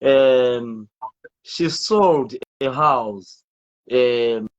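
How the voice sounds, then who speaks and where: A man's voice: mid-range voice, drawn-out words. A man hosting a casual talk-show discussion, talking emphatically and repeating himself. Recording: muffled lo-fi audio.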